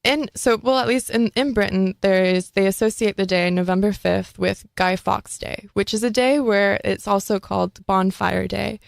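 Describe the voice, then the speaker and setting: A young woman co-hosts a campus radio hour, chatting loosely and breaking into laughter easily. Her voice sits at an ordinary middle pitch. She is close on a studio mic in a dry, dead room. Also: moderate pace, creaky, few pauses, no room sound. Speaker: college radio co-host. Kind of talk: casual radio chat. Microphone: studio microphone.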